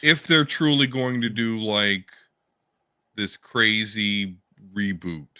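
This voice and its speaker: A man's voice: lowish voice, steady tone, slow pace, pushed and bright, clean tone. A man co-hosting a podcast in casual chat, rambling fan talk about comics with the odd swear word over a remote call mic. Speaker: podcast co-host.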